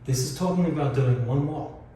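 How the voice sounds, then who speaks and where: A man's voice: a little high, normal speed, dark tone, a little hiss or hum. A man teaching beginners how to hang wallpaper, patiently explaining each step and repeating key points as he demonstrates on a wall. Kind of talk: hands-on instructional demonstration. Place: indoor room being wallpapered. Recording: very echoey room, voice from far off, faint ambience.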